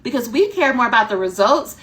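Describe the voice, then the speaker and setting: A woman dissertation coach giving a direct, animated talk that acts out her students' inner voices. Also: a little high, fairly quick.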